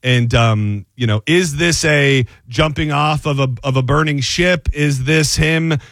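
A man's voice: fairly high pitch, measured pace, a bit bright, no room sound. A man hosting a radio talk show, chatting loosely with many fillers and restarts.

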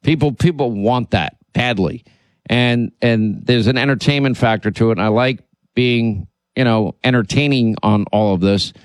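A man's voice: medium pitch, normal speed, clean tone, no echo. A man hosting a political radio talk show, speaking emphatically and indignantly, often repeating himself. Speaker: radio and podcast host.

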